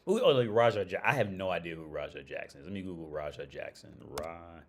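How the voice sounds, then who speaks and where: A man's voice: sits low, animated, fast, slight background noise. A man hosting a casual livestream chat, rambling and profane, with lots of restarts and frequent laughter. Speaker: livestream host.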